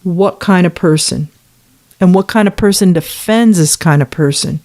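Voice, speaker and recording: A woman's voice: on the low side, moderate pace, a little mellow. A woman giving reaction commentary, reading out messages and adding sarcastic, indignant asides and rhetorical questions to her listeners. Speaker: commentator on a former church.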